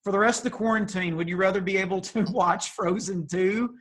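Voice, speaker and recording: A man with a somewhat high voice hosts a casual video call. He talks in a playful, teasing way and drifts into chatty asides. The sound comes through a video call mic. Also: a little fast, fairly bright tone. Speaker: youth group leader.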